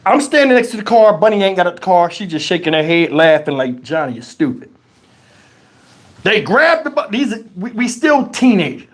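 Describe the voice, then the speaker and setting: A man's voice: high-pitched, fairly quick, hardly any pauses. A man hosting a live stream, telling a funny story in a casual, profane way and acting out the people in it. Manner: animated, profane, acts out voices. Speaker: channel host.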